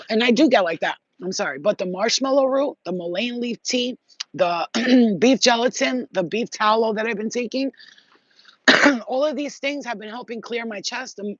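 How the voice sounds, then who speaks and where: A man's voice: high voice, fairly bright tone, dry recording, lo-fi sound. A man hosting a spiritual livestream in casual chat, effusive and rambling, swearing freely.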